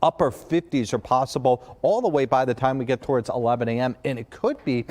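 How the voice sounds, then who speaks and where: A man's voice: mid-range voice, fairly quick, a little mellow. A man giving a morning TV weather forecast in a chatty, conversational way. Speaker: meteorologist.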